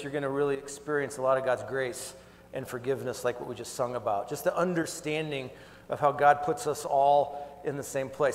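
In a church sanctuary, a pastor preaches in an earnest, conversational way, his voice pitched slightly above the typical male range. His words fade out into a long, lingering reverb.

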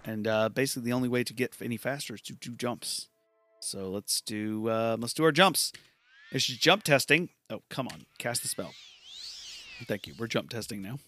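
Male gaming podcaster, mid-range pitch, loose self-amused rambling commentary. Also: lively intonation, moderate pace, bright, forceful tone, soft background music. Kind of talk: casual gameplay commentary.

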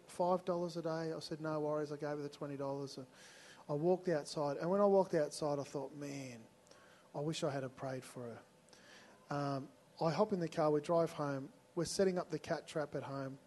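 A man's voice: fairly high pitch, darkish tone, slight background noise. An Australian man preaching a sermon, telling personal stories in a conversational way and acting out both sides of the dialogue. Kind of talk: sermon storytelling.

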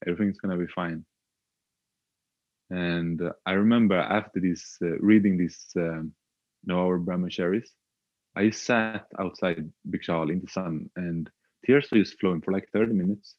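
A young man from Sweden, a podcast guest telling his own story in a halting, hesitant way. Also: low-pitched, dry recording, highs cut off. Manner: hesitant, halting, with frequent filler sounds. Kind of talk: reflective personal storytelling.

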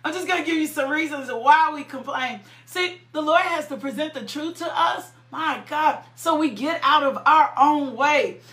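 A woman preaching a sermon, slow and fervent, repeating her phrases, praying aloud and breaking into high cries and laughter. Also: a bit bright, reverberant.

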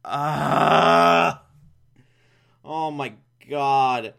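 A man's voice: mid-range voice, a little slow, bright, forceful tone, clean tone. A man giving a sarcastic, exasperated recap of an old TV episode, mocking it and laughing at it. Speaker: show recapper.

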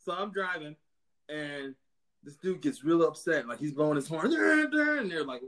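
A man's voice: a little high, moderate pace, a bit bright. A man in casual chat, telling a story and chuckling often.

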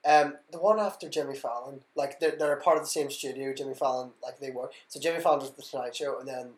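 A young man hosting a podcast in casual chat, rambling and trailing off as he goes. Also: mid-range voice. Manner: rambling, quick, trailing off mid-sentence. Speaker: podcast host. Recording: echoey room.

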